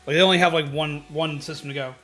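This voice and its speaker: Bright high-voiced ranting male streamer. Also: quick pace, soft background music. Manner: animated ranting, swears freely, greets chat loudly. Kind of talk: casual livestream chat.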